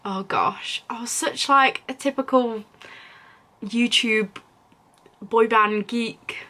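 A woman's voice: fairly high pitch, takes it slowly, bright, forceful tone. A young woman giggling through self-mocking commentary on an old video of herself. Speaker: YouTuber.

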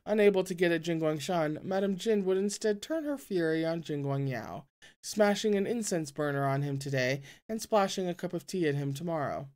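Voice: mid-range voice, animated, moderate pace, a little mellow. Reader who stumbles and self-corrects. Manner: stumbles over words and corrects them, groans at the text. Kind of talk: reading a novel aloud with commentary.

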